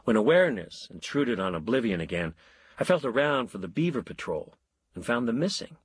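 A man reads a story aloud with a wry, measured delivery and a husky edge to his voice. His pitch moves in lively swoops, and the recording is close and dry. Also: dry recording. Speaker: audiobook narrator. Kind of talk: scripted narration.

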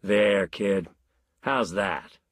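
A man voicing a bearded, brash ad writer who pitches ideas eagerly, in a husky voice. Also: drawn-out words, dry recording, clean studio sound, full character voice. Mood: coaxing.

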